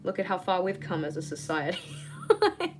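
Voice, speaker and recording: A woman's voice: fairly low pitch, sing-song, brisk, music in the background. A woman hosting a casual livestream, chatting candidly and ranting while she journals. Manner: chatty, candid, rants and laughs readily. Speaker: livestream host.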